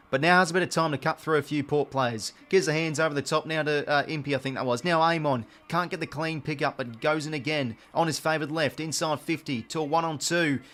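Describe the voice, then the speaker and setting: An Australian man hosting a live watch-along, calling the play as it happens, getting excited on big plays and chatting to his viewers in between. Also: on the high side. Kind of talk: live play-by-play commentary over a match.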